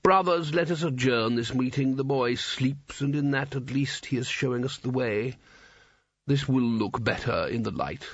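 A man reading aloud, voicing a sly, smooth older wizard who speaks in a dry, unhurried, quietly mocking way. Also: medium pitch, no room sound, highs cut off.

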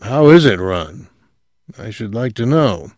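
A man's voice: medium pitch, lively intonation, measured pace, darkish tone, dry recording, studio quality, natural voice. A man voicing an older male agency chief who speaks in a guarded, controlled way.

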